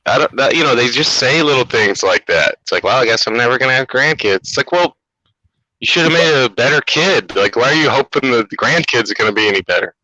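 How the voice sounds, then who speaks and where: A man guesting on a comedy podcast talks in a lively, swooping voice with a bright, forceful edge. He acts out the people he quotes as he goes. His sound is dry and dull, lo-fi like a remote call. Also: mid-range voice, a little fast, dry recording. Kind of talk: casual comedy chat.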